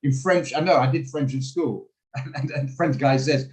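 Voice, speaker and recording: A man's voice: mid-range voice, moderate pace, low-quality recording. A man teaching a live online trading class over a video call, chatty and rambling, often laughing as he explains. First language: English. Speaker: trading coach.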